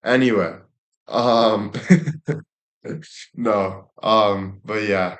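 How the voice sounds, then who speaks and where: Crude, rambling young guy, lowish voice. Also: extremely slow, a bit bright. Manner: crude, rambling, laughs often. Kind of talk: casual chat.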